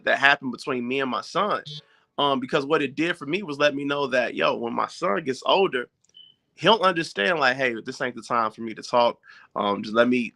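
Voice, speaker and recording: A man's voice: medium pitch, sharp tone. A man talking casually to viewers as a parent giving advice, informal and direct, often checking in with his listeners.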